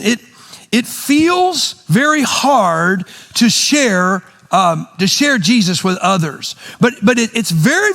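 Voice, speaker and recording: A man's voice: very high-pitched, fairly bright tone. An older man, a pastor, preaching an earnest sermon to a congregation and repeating words as he builds each point. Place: church sanctuary. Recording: long hall reverb.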